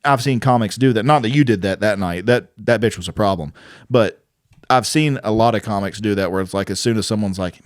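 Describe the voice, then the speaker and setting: A man's voice: fairly low pitch, a little fast, no room sound, clean studio sound. A young man co-hosting a casual chat about stand-up comedy, explaining his views in a laid-back way. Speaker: podcast co-host, aspiring comedian.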